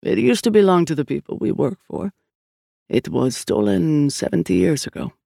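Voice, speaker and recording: Brief: studiously calm older priest, gravelly, dry recording, read by a man. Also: a little high, dry recording, exaggerated voice. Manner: calm, measured.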